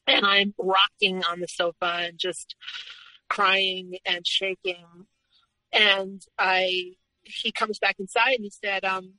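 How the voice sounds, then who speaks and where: A woman, a podcast guest, recounting a personal story in an earnest, halting way, pausing often on "um". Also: medium pitch, little pitch movement, pushed and bright, dry recording, poor audio.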